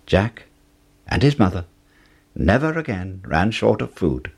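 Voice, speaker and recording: A man narrates a fairy tale in a dramatic storybook manner. He speaks slowly in a husky voice, and his pitch swings widely as he reads. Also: sing-song.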